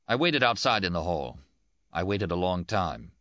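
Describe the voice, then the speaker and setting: Deep male audiobook narrator, measured and plain. Dry, lo-fi recording. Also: big pitch swings, a bit bright, no room sound. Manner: plain, measured first-person reading.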